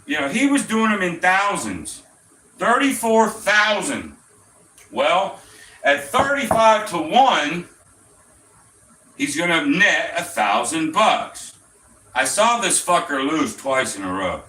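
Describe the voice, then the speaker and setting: This host's voice is fairly high and sharp, very animated yet slow, with frequent pauses. On his gambling show he gives casual, blunt, swear-filled instructions on roulette betting, heard through a distant mic in a roomy space with faint ambience.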